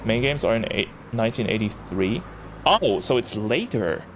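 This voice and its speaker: A man's voice: fairly low pitch, sing-song, moderate pace. A man casually commentating as he plays a game, rambling and interrupting himself with short chuckles. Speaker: gameplay commentator. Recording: audible background noise.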